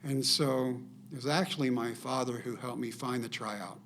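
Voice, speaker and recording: A man's voice: mid-range voice, steady tone, moderate pace, fairly bright tone, a little hiss or hum. An older man, a podcast guest telling a personal story and acting out the dialogue in it.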